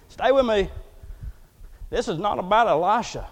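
Male pastor, folksy preacher, very high voice, long hall reverb. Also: lively intonation, normal speed, long pauses. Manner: folksy, joking, swings from soft asides to loud preaching. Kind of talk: sermon.

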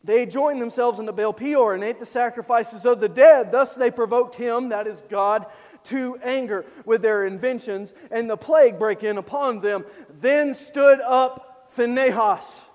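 A man with a strikingly high voice preaches a sermon, slow and deliberate. He hammers points with loud emphatic declarations, then drops to low asides. His voice rings through a reverberant hall.

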